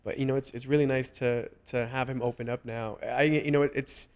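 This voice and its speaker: A man hosting a casual podcast chat, talking earnestly and haltingly with many restarts. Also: mid-range voice, fairly even intonation, a little mellow, smooth. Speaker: podcast host.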